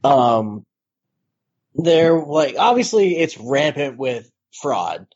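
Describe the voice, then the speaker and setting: A man's voice: a little high, big pitch swings, takes it slowly, a little mellow, breathy edge, dull audio. A man hosting a casual podcast, rambling through a story with lots of "like" and "uh". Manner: rambling, heavy use of "like". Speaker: podcast host presenting the topic.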